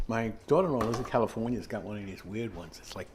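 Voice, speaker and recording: Fast and with lively intonation, this older man's fairly low voice carries over background noise as he demonstrates a recipe at home. As host of the casual cooking segment, he rambles and chats with plenty of fillers and asides.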